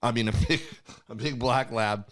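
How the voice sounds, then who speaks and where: A man's voice: mid-range voice, moderate pace, a bit bright. A man co-hosting a comedy podcast, telling a long story in a rambling way, often restarting and searching for words. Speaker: podcast co-host. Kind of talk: casual storytelling chat.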